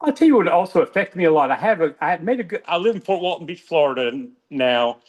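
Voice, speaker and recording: A middle-aged man speaking with a somewhat high voice in a candid interview. He rambles, circles back and restarts his sentences as he talks. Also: very animated, fast talker, highs cut off. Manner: rambling, restarts often, emotional about friends. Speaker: podcast guest, author.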